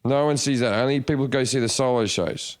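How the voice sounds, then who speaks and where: Man with an Australian accent, rambling. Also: mid-range voice. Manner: rambling storyteller with halting restarts. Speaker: comedian podcast guest. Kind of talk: casual chat.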